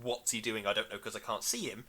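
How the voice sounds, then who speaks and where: A man's voice: on the low side, quick pace, bright, forceful tone. A man co-hosting a podcast, chatting casually about a film in a rambling, hesitant way with many fillers. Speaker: podcast co-host.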